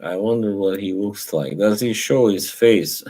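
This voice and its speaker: Slow deep-voiced man chatting on stream. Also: dark tone. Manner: rambling, chuckles often, reads chat aloud. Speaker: live stream host. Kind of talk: casual live-stream chat.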